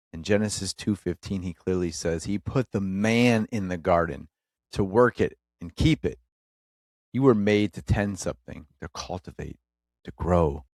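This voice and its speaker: Earnest low-voiced man giving a motivational talk. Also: darkish tone, no room sound, studio quality. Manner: earnest, exhorting, addresses listener as brother; emphatic short phrases with pauses. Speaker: podcast host.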